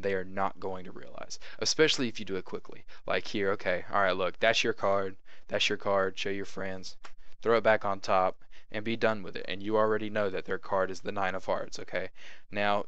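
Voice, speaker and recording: A young man explains a card force in a relaxed, chatty way, stopping often to check in with the viewer. His voice sits a little low and comes across smooth and clear. The sound is dry and close, with no room around it. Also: no echo, muffled recording. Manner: chatty, repeats "okay?" to check in, acts out patter. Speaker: magic tutorial host. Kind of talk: casual card-trick tutorial.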